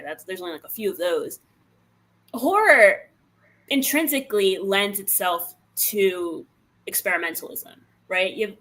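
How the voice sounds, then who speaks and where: A woman's voice: mid-range voice, sharp tone. A woman from New York, a filmmaker answering interview questions casually, thinking aloud with fillers. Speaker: filmmaker guest.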